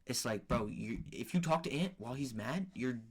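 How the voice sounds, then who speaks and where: A young adult man co-hosting a podcast tells family stories in a candid, casual chat full of slang and profanity. His mid-range voice is animated and slightly rough, at a normal speed.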